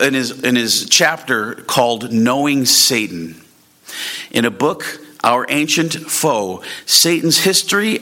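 Male pastor, bright forceful tone, earnest sermon delivery that climbs on emphatic lines. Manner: earnest preaching, rising in pitch at emphatic points.

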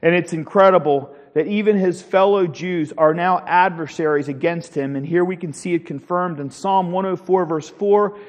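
A man's voice: sits high, normal speed, few pauses, big-room sound. A man teaching a Sunday school Bible class in an earnest, rambling way, asking the class questions.

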